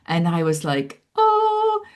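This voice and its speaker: Brief: woman, 40s, interview guest, animated storyteller, lowish voice. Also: moderate pace. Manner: animated, acts out her own past thoughts in lively asides. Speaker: guest, psychologist and author.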